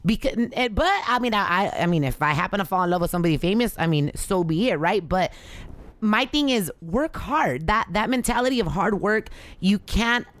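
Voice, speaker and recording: A woman's voice: mid-range voice, fairly quick. A young woman, a podcast guest, talking candidly and bluntly in casual chat, with lots of swearing. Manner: candid, blunt and profane, animated.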